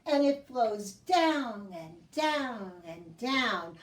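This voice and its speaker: A woman leading a children's sing-along and story time, speaking gently in a sing-song way to young kids. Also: on the high side, expressive, extremely slow. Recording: echoey room, mic at a distance, guitar.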